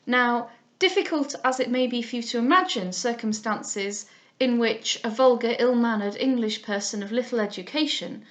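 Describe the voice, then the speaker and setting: A woman's voice: on the high side, normal speed, fairly bright tone. A woman reading a classic novel aloud, arch and playful in her asides. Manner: arch and playful when chatting.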